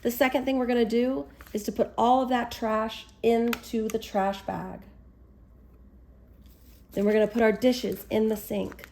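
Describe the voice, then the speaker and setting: A woman's voice: fairly high pitch, steady tone, unhurried, mellow, slight background noise. A woman author telling a personal story, then walking through a product step by step in a casual, encouraging way. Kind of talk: casual explanatory talk to camera.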